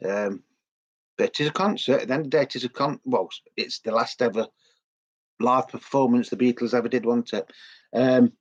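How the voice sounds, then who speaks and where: A middle-aged man talks casually and enthusiastically, often doubling back and filling pauses. His pitch sits in a mid range. The recording is slightly dull and lo-fi. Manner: rambling and enthusiastic, many fillers and restarts. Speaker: video blogger. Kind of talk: casual unscripted review.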